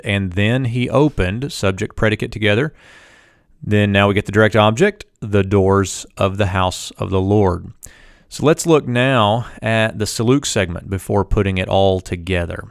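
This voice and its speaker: Man with a smooth, low teaching voice. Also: dry recording, clean studio sound. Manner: steady, explanatory, reads Hebrew slowly. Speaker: Biblical Hebrew teacher. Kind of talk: scripted screen-walkthrough lesson.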